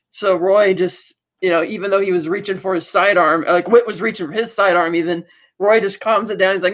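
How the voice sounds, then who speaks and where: Retelling an episode on a podcast he co-hosts, a man chats casually and briskly, quoting and acting out the characters. He has a high-pitched voice with fairly even intonation, heard in lo-fi sound.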